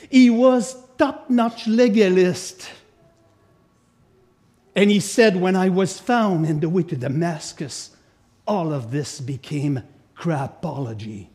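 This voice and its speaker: A middle-aged man preaching as a guest speaker in a church, animated and playful, reading scripture aloud and breaking off into emphatic, joking asides to the congregation. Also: fairly high pitch. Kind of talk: sermon. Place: church sanctuary.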